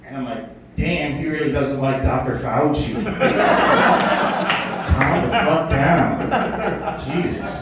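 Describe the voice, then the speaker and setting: Profane stand-up comic in an echoey club. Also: male voice, medium pitch, expressive, moderate pace. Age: middle-aged. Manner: blunt profane punchlines, yells in put-on rants. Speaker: stand-up comedian. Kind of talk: stand-up set. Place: comedy club stage with audience laughter. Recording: echoey club from a distant mic, noisy.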